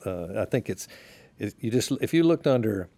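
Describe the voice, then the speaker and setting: A man, a pastor, talking as a podcast guest in a relaxed, reflective way, sharing stories unhurriedly and often restarting his sentences. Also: lowish voice, normal speed, slightly rough, no room sound. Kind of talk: relaxed conversational storytelling.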